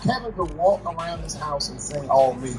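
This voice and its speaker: A man from Washington, D.C., does stand-up storytelling, acting out each character with rough language. His voice sits high and leaps all over the place. The clip sounds distant, with loud music layered over it. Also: lively intonation, normal speed. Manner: profane, acts out characters in the story. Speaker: stand-up comedian. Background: music from a game stream.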